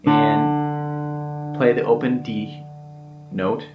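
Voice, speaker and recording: A man's voice: on the high side, drawn-out words. A man giving a casual guitar lesson, explaining step by step in an easygoing way with lots of fillers. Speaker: guitar teacher. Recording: roomy, dull sound with loud guitar.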